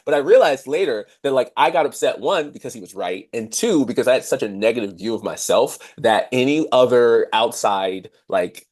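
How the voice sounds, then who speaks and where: A man in his thirties co-hosting a dance podcast, talking in a reflective, casual way with many fillers and lively quoted asides. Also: mid-range voice, normal speed, hardly any pauses. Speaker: podcast host. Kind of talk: casual conversational chat.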